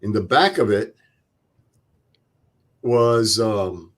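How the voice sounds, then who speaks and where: An older man, a veteran guest in an interview, retelling a night in combat in plain, vivid words with quoted dialogue and pauses. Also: on the low side, expressive, fairly bright tone. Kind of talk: interview storytelling.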